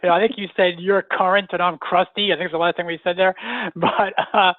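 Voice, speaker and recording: A man's voice: high-pitched, little pitch movement, a little fast, no echo. An older man from New York co-hosting a webinar, chatty and joking. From New York, USA. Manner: joking, chatty, laughs easily. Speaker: webinar co-host. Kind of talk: casual webinar chat. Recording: tinny phone-like webinar audio, dry.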